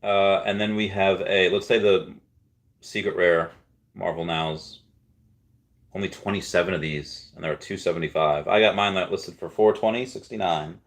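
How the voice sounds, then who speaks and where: A man's voice: sits low, fairly even intonation, normal speed. A man hosting a casual livestream, rambling and reading viewer comments aloud. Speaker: livestream host.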